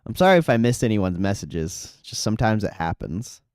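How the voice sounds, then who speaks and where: A man's voice: on the low side, very animated, fairly quick, a little mellow, smooth, no echo, clean studio sound. A man streaming live, chatting casually with his chat, laughing often and swearing freely. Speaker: livestreamer reading chat. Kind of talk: casual live chat about stock trading.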